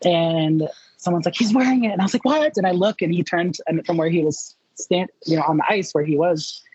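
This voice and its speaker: A man being interviewed, telling a story in a chatty, animated way and acting out his own reactions in quotes. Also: on the high side, brisk, slightly rough, no room sound, highs cut off. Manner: chatty with many fillers and restarts. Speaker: interview guest.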